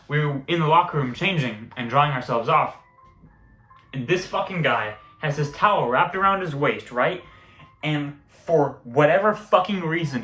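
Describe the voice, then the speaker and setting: A man's voice: fairly high pitch, bright, forceful tone. A young man casually telling school stories, rambling and swearing, laughing at his own tales. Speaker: vlogger. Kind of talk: casual storytelling. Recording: echoey room with faint music.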